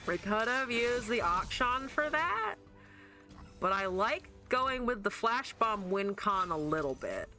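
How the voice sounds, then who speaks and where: A woman's voice: medium pitch, very animated, measured pace, bright, forceful tone, soft background music. A woman streamer chatting casually and joking at her own expense while she plays a card game, swearing now and then. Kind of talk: casual gameplay commentary.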